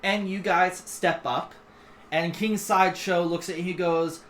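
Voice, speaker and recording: Bright-voiced male game master. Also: high-pitched, fairly even intonation, measured pace. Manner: casual, filler-heavy narration with restarts. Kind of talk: narrating a tabletop game.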